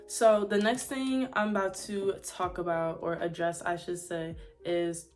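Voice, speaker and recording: A woman's voice: on the low side, flat delivery, measured pace, hardly any pauses, faint music behind. A young woman vlogging as she gets ready, chatting candidly with plenty of "like" fillers and sassy asides. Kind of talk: casual chat while getting ready.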